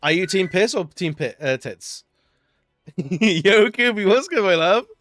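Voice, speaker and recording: A man's voice: high-pitched, expressive, slow, fairly bright tone, soft background music. A man streaming live, chatting casually, joking, laughing often and rambling between stories.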